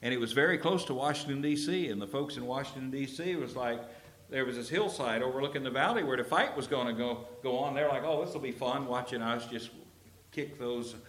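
Animated preacher in a roomy hall. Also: male voice, medium pitch, fairly quick. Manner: animated storytelling, acts out quoted characters. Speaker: pastor. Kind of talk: sermon. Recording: roomy echo.

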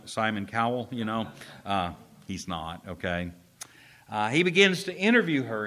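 A man preaching a sermon, his fairly low voice carrying a bright, forceful edge. He tells the story like a joking storyteller, punching some phrases out loud and dropping others to a near-hush. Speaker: pastor. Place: church service.

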